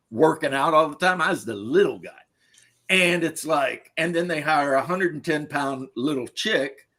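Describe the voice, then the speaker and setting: A man's voice: medium pitch, bright, forceful tone. A middle-aged man, a podcast host, giving his opinions in a blunt, crude, casual chat and laughing at his own stories.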